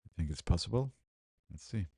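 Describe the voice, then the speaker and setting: A low, creaky, slightly rough male voice moves briskly through a screen-recorded photo editing tutorial. He narrates each step while working, relaxed and often muttering to himself, in clean studio sound with no echo.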